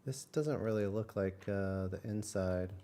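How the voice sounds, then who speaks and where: A man's voice: low voice, a little slow, dark tone, a little hiss or hum. Man rambling through a travel story. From Texas. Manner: rambling storytelling with many fillers. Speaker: streamer. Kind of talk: casual chat.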